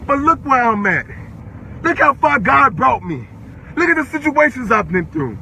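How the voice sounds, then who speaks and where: High-voiced, furious eighteen-year-old man. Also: big pitch swings, moderate pace, vocal fry, bright, forceful tone, a little hiss or hum. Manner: furious, profane, repeating his questions. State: upset and worked up. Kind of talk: angry live-stream rant.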